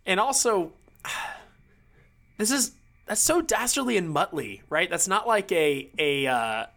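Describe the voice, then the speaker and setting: A man's voice: sits high, lively intonation, takes it slowly, creaky, fairly bright tone. A man co-hosting a podcast, rambling wryly in casual chat, often restarting his sentences. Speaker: podcast co-host.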